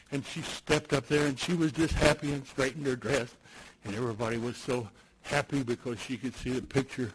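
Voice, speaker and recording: A man giving a personal storytelling speech at a recovery meeting, dropping to near-whispers and then building loud. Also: medium pitch, slight background noise, rough recording. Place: meeting room with audience.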